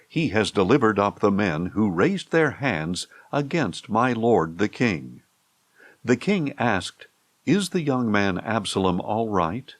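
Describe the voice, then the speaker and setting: A man narrating a scripture audiobook in a slow, measured, expressive reading. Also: lowish voice, no room sound.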